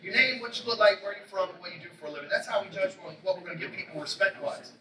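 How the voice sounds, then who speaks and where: A man's voice: sits high, fast talker. A man giving a brash, profane motivational sales talk from a stage, swearing constantly and hitting his points hard. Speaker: keynote speaker. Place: event stage before a live audience. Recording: roomy hall, mic from a distance, crowd.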